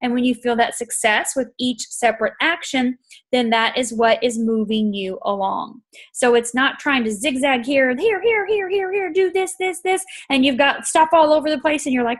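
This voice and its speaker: A middle-aged woman with a fairly high voice gives a casual pep talk to her marketing team. She is animated and blunt, swearing freely. She keeps slipping into lively acted-out exchanges with the people she coaches. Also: normal speed. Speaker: network marketing team leader.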